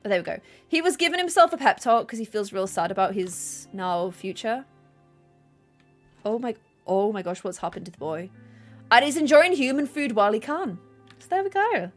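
Bubbly high-voiced woman streamer. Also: a bit bright. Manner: chatty, bubbly, reads chat aloud. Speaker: gaming streamer. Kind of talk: casual game streaming chat. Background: faint game music.

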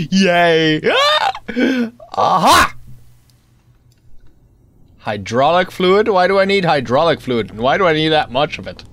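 A man's voice: fairly high pitch, lively intonation, brisk, hardly any pauses, no room sound. A man giving casual commentary while playing a game, chatty and easily startled, wandering into rambling asides. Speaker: let's play gamer.

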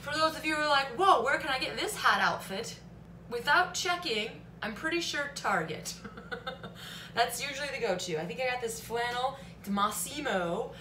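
Chatty high-voiced woman in an echoey kitchen. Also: animated, moderate pace, sharp tone, slight background noise. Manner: chatty, jokey, breaks into silly sung bits. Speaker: vlogger. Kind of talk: casual vlog chat. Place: home kitchen. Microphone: camera on a tripod.

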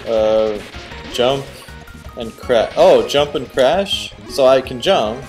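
A man giving casual, excitable commentary while playing a video game, cheering on the character and guessing at the boss's moves. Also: medium pitch, slow, soft background music. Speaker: let's play host.

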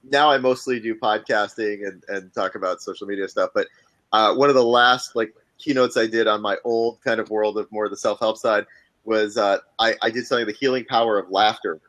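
Bright-voiced Southern man telling stories. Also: fairly low pitch, brisk, rough recording. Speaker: panel guest, podcaster. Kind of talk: anecdotal storytelling.

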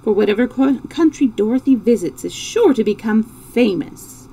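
A woman voicing a gracious, jovial male fox king who speaks in a courtly, flattering manner. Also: fairly high pitch, moderate pace, far from the mic, a little hiss or hum, low-quality recording.

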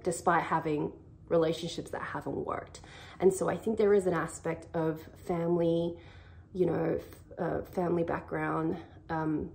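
A woman's voice: on the low side, creaky, dark tone, slight background noise. A young woman, casually giving faith-based advice in an earnest, rambling way, saying "like" a lot. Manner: earnest, rambling, heavy use of "like". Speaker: vlogger.

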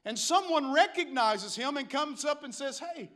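A male pastor preaching a sermon, telling the story dramatically and swinging between hushed passages and shouts. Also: extremely high pitch, lively intonation, moderate pace.

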